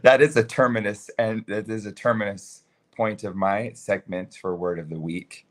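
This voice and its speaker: Easygoing young man co-host, lowish voice. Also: steady tone, normal speed. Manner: easygoing, laughs often. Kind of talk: casual chat.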